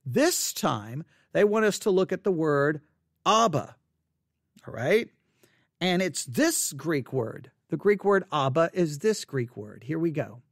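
A man's voice: fairly high pitch, sing-song, slow, gravelly, dry recording, studio quality. A man teaching a casual Bible word study, thinking aloud and repeating words as he reads verses and notes.

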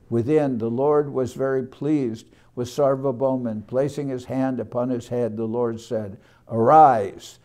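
A monk leads a morning class in an ashram classroom, reading scripture aloud in a measured way. He repeats phrases and adds short explanations, his medium-pitched voice carrying a dark tone.

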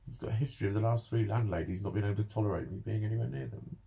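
A man's voice: fairly low pitch, very fast, vocal fry, mellow, husky. A young man ranting in a personal vlog, swearing constantly and sounding frustrated and bitter. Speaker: vlogger. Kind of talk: angry personal vlog rant.

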